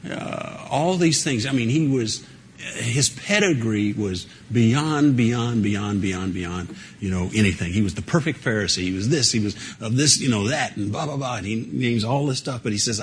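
A man with a fairly low voice leads a Bible study in a small room, faint ambience behind him. He talks in a loose, rambling way, full of fillers and little laughs, and stops to put questions to the group. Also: expressive, normal speed, slight background noise. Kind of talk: informal Bible teaching with audience questions.

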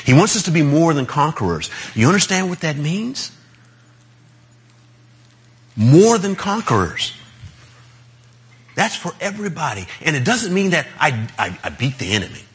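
A man's voice: a little high, very animated, brisk, few pauses, a bit bright, slightly rough. A man preaching a sermon in a loose, conversational way, with chuckles as he talks.

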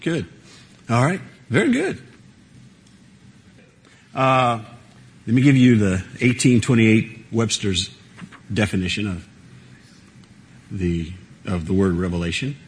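A man's voice: lowish voice, expressive, slow, pauses often, slightly rough. A man teaching a Bible study to a small group, talking conversationally with frequent fillers and laughs and asking the group questions.

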